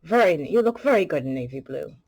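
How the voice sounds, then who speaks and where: A woman doing a gruff spy toy. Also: sits low, very animated, fairly quick, a little mellow, full character voice. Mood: gallant. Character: gruff older male Scottish spy action figure.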